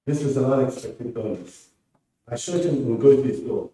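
A man, a writer, reading his prose aloud in a steady, measured way at a presentation. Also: medium pitch. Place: presentation room. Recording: roomy hall from far off.

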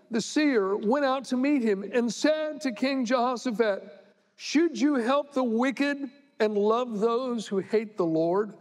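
A man's voice: extremely high pitch, long reverb tail. A man preaching a sermon as pastor, reading scripture and retelling it conversationally, rising to emphatic indignation at points.

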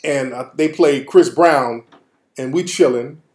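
A man hosting a show, telling a comedic story in an animated, profane way, laughing as he goes. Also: medium pitch, slow pace. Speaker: host. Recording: roomy echo.

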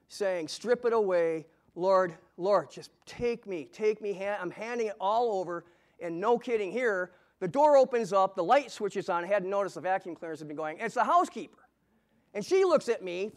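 A middle-aged man with a notably high voice shares his testimony from the pulpit of a church. He tells the story earnestly, stumbling over and restarting words as he goes. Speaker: guest preacher giving testimony. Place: church sanctuary.

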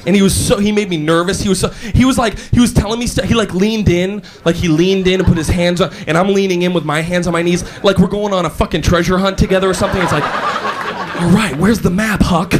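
High-voiced animated stand-up comic. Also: male voice, noisy background. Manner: animated, shouting, quick voice switches. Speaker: stand-up comedian. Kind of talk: stand-up comedy. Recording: live club with audience laughter.

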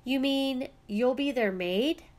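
A woman playing a gentle mother. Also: sits high, slow pace, voice pushed up. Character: gentle Irish mother, a lace maker.

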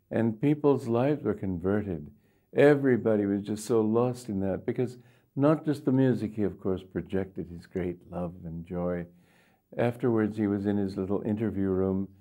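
An older man, a spiritual teacher, gently telling stories in a sermon, unhurried with frequent pauses. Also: on the low side. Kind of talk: storytelling sermon.

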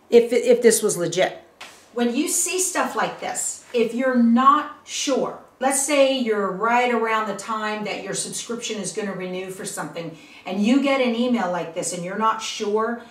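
A woman's voice: medium pitch, fairly bright tone, recorded from a distance. A middle-aged woman hosting a casual tutorial, chatty and emphatic, often checking in with her viewers. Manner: chatty, emphatic, checks in with "okay?" and "all right?". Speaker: channel host teaching online safety. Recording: roomy, from the mic.

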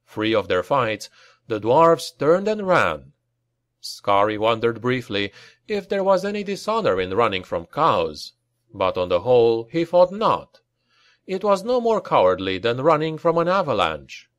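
A man reading a dark fantasy battle scene aloud as an audiobook narrator, in a dramatic storytelling manner. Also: very animated, unhurried, no echo, highs cut off. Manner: dramatic reading, raising pitch for shouted lines. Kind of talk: scripted narration.

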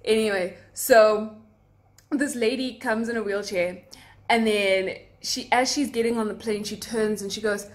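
A woman's voice: mid-range voice, fairly even intonation, unhurried. A young South African woman, a flight attendant, telling stories from her workday in a chatty, giggly way, full of likes and asides. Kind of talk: casual chat.

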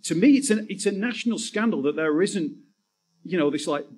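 Husky-voiced earnest male interviewer. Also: sits high, expressive, brisk, a little mellow. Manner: earnest, repeats words as he builds thoughts. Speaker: podcast host, interviewer. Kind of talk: live on-stage interview.

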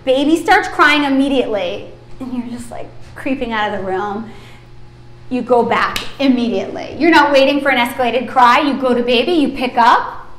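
A woman's voice: sits high, a bit bright, echoey room. A woman sleep consultant teaching a workshop, chatty and emphatic, acting out babies and parents as she explains.

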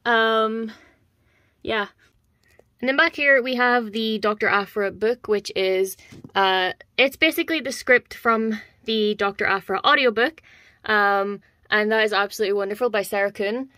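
In a relaxed show-and-tell vlog, a young woman gushes over her collection with many ums and repeated words, a bit out of breath. She speaks unhurriedly in a mid-range voice with a sharp tone, recorded dry.

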